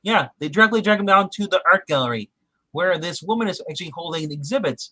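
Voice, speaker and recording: High, bright-voiced man recapping. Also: quick pace, no room sound, low-quality recording. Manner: animated retelling, acting out quotes. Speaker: podcast co-host. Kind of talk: casual episode recap.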